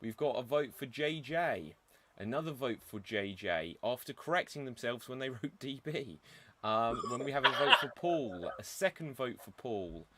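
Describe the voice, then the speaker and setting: A man hosting an online improv comedy show. He sets up scenes in a brisk, organized way and runs the audience vote. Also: medium pitch, lively intonation, background noise. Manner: brisk, organizing, reads audience comments aloud. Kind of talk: live-streamed show hosting.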